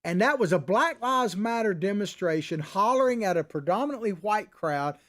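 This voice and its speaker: Middle-aged male host, high voice that swings all over, folksy and combative. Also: lively intonation, moderate pace, a bit bright. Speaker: commentary show host. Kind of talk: opinionated political commentary.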